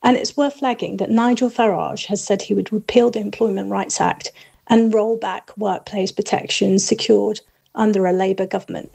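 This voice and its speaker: A woman's voice: mid-range voice, steady tone, vocal fry, mellow, breathy edge. A woman, a trade union leader, speaking firmly and measuredly in a recorded interview clip. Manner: firm, measured.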